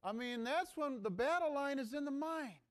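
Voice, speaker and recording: A man's voice: very high-pitched, animated, normal speed. A man who is a priest, preaching a conversational homily with rhetorical questions, speaking. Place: seminary chapel.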